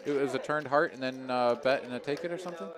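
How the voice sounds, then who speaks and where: A man's voice: medium pitch, fast. A man doing chatty live poker play-by-play, laughing often and trailing off into fillers, with card room crowd noise behind. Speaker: poker commentator. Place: commentary booth at a card room.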